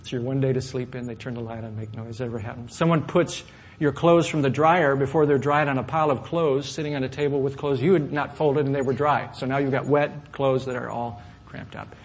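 A middle-aged male pastor telling a personal story in a sermon, swinging from loud, animated outbursts to soft asides. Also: medium pitch, a little fast. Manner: animated storyteller, rising loud when acting out anger, dropping soft for asides.

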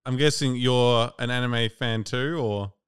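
A man's voice: medium pitch, measured pace, clear, resonant tone. A man hosting a podcast in casual chat, chatty and laughing often, swearing freely. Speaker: podcast host.

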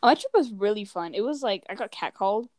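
A teenage girl from the States tells stories in a loose, rambling way, filling her sentences with "like" and slipping into other people's voices. Her pitch sits in the middle range. The recording is dry and close, with no room sound. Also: lively intonation, fast, darkish tone, no echo. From United States. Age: teens. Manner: rambling, heavy use of "like", acts out quoted people. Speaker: guest telling travel stories. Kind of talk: casual chat.

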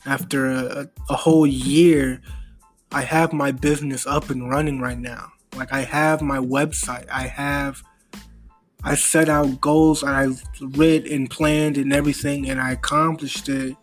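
Young male podcast host, earnest solo monologue, flat delivery, halting restarts, faint music underneath. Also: medium pitch. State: emotional.

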